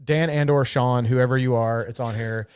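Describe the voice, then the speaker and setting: A man's voice: mid-range voice, steady tone, normal speed, a little mellow, smooth. A middle-aged man co-hosting a live podcast in casual, talkative chat, swearing freely and laughing easily. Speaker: podcast co-host.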